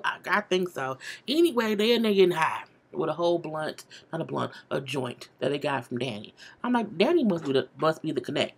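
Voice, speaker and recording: Animated husky woman recapping gossip. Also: low voice, brisk, hardly any pauses. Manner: animated, gossipy, frequent "okay?" asides. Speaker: show recapper. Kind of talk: casual recap chat.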